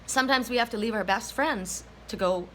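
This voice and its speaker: A woman's voice: fairly high pitch, fairly quick, a bit bright, slight background noise, poor audio. A woman tarot reader telling a personal story, emotional and near tears, often repeating herself and restarting her sentences.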